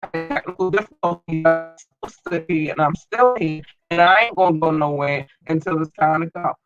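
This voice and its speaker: Over music, a man hosts his own casual podcast, rambling in slang with lots of ums as his irritated eye waters. He talks briskly in a slightly high voice, and the sound is lo-fi.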